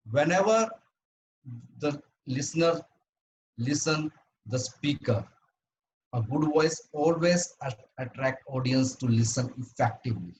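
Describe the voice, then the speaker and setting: A man delivers a prepared talk over a video call, speaking at an ordinary pitch. He is earnest and halting, often stopping to restart a phrase. Faint noise sits under his voice. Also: low-quality recording. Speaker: club speaker. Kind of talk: prepared educational speech at an online meeting.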